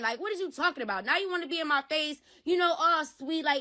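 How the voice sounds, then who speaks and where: Woman talking straight and swearing a lot, kinda high voice, keeps repeating herself. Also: lively intonation, fast, few pauses, sharp tone. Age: adult with a school-age son. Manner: blunt, profane, repeats herself. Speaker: interview guest. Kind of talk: candid retelling of a personal dispute.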